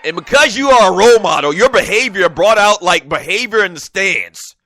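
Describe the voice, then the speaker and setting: A man putting on the voice of a stern male drill sergeant, loud, clipped and commanding. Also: high voice, animated, moderate pace, no echo, voice pushed up, exaggerated voice. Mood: stern barking.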